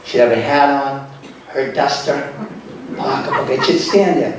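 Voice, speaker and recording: A man telling comedy stories on stage in a club, animated, with quick asides to the crowd. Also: mid-range voice, noisy background. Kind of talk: stand-up comedy. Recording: echoey club from far off.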